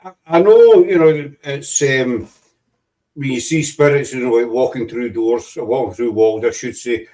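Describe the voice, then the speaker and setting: A man's voice: mid-range voice, warm tone, far from the mic. Rambling Scottish man, set back from the mic. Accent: Scottish, West of Scotland. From Glasgow, Scotland. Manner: rambling, halting, teasing. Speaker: host. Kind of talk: casual live chat show.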